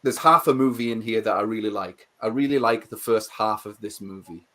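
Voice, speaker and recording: A man co-hosting a casual livestream chat, animated and swearing as he rants about films. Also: fairly low pitch, a little fast. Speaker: co-host.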